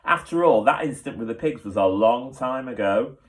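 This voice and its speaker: A man's voice: medium pitch, animated, a little fast, lightly acted. A man reading aloud and voicing a chatty, cheerfully boastful male wolf in a storybook. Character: boastful hopeful black wolf, male adult.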